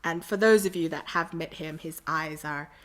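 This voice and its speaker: A woman's voice: low voice, moderate pace, fairly bright tone. A woman from Sydney, a podcast guest telling stories animatedly and often laughing. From Australia. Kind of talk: casual storytelling interview.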